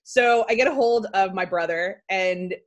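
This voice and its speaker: A woman in her forties hosts a podcast and tells a story in a casual, chatty way. Her pitch sits in an ordinary middle range. She fills her talk with "like" and throws in quick, lively asides. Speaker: podcast host.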